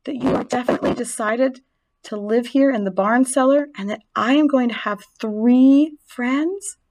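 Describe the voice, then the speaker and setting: A woman's voice: on the high side, moderate pace, darkish tone, voice pushed up, close to an everyday voice, low-quality recording. An earnest, tender young pig from a storybook, lonely at heart and speaking in a raised, hopeful voice, as a woman reader puts him on. His words come sincere and a little pleading. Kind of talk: storybook reading.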